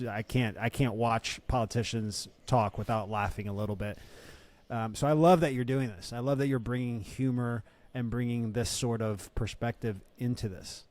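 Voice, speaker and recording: A man's voice: mid-range voice, a little mellow, no room sound. Earnest male podcast host, dry sound. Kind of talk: casual interview.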